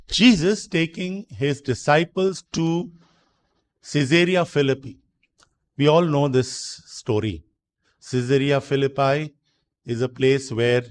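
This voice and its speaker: Priest preaching a deliberate sermon. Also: male voice, fairly high pitch. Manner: explains slowly, repeats and asks rhetorical questions. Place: church.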